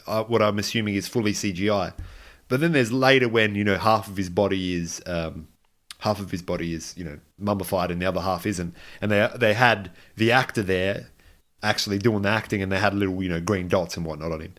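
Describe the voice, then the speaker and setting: A man with a fairly low voice chats casually as a podcast co-host. He rambles and goes off on tangents, restarting his sentences as he talks. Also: steady tone, fairly quick, a bit bright. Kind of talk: casual chat.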